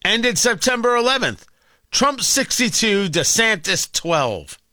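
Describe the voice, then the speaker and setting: A sarcastic male talk radio host with a high, bright, ringing voice. His pitch leaps around as he hammers each point, recorded dry and close in the studio. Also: takes it slowly, no room sound. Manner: sarcastic, emphatic, animated delivery. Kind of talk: opinionated talk radio monologue. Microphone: studio microphone.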